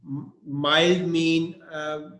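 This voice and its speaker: Slow, patient man teaching vocabulary. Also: a little high, flat delivery, a bit bright, reverberant. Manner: slow, patient, spells words out letter by letter. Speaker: English teacher. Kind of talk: online vocabulary lesson.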